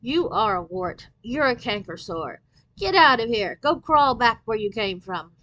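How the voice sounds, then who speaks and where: A woman reading aloud and voicing a strong-willed sixth-grade girl who shouts fierce insults. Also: on the high side, big pitch swings, a little slow, no echo, muffled recording. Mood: furious.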